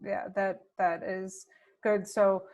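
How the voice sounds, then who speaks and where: A woman's voice: medium pitch, flat delivery, slow pace, darkish tone. A woman hosting a podcast, asking questions and affirming her guest in a chatty, supportive way. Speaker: podcast host. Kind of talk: casual interview conversation.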